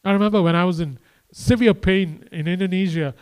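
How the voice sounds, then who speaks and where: A man with a high voice delivers a sermon in a loose, conversational way. He swings from hushed, intimate passages to emphatic, lifted ones, and talks to his listeners as casually as he would to friends. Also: a little fast, clean tone. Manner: animated, swings between quiet and emphatic. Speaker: preacher.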